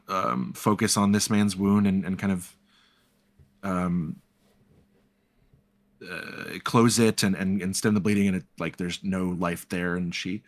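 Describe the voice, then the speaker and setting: A man's voice: on the low side, fairly bright tone. A man playing a character in a tabletop role-playing game, talking through his actions hesitantly with many fillers. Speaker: player.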